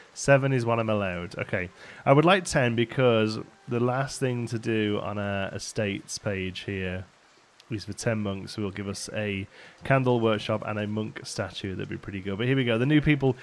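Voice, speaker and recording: A man's voice: fairly low pitch, moderate pace. A man casually commentating a city-building game as he plays, chatty and rambling, laughing often and thinking aloud. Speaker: let's play host.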